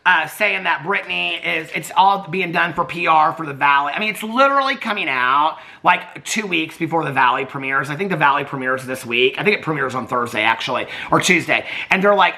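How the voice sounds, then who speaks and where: A man's voice: on the high side, a little fast, gravelly, pushed and bright. A man with a Southern accent, a YouTube host rambling through casual gossip commentary, trailing off and restarting often.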